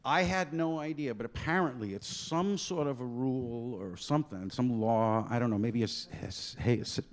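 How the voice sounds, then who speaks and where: A man's voice: medium pitch, normal speed. A man doing stand-up on a comedy club stage, talking loosely and crudely with the crowd.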